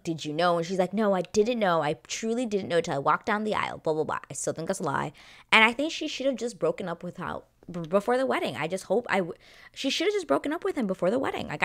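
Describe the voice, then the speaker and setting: A woman with a fairly low voice that swings widely in pitch, talking through a reality show episode in a loose, chatty recap. She slips into quoted voices as she retells scenes. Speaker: reaction channel host.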